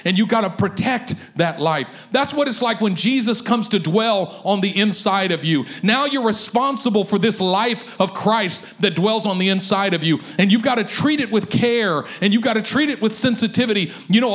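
Pastor, man, high-pitched voice, lively storytelling sermon delivery. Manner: animated preaching with vivid stories.

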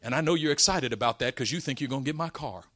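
A man's voice: mid-range voice, fast talker, fairly bright tone, a little hiss or hum, voice pushed down, close to an everyday voice. A man putting on a tired very old aunt. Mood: weary. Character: very old great-aunt, weary and longing for death.

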